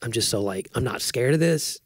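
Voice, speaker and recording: A man's voice: medium pitch, lively intonation, a little fast, no room sound, clean studio sound. A man co-hosting a podcast, telling stories in a chatty, easily amused way. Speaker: podcast co-host. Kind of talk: casual chat.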